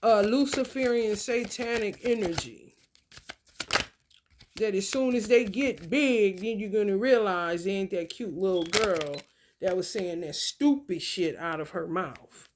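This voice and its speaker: A woman's voice: medium pitch, measured pace, background noise. A woman who reads tarot, ranting in a casual spiritual vlog with blunt, emphatic and profane speech.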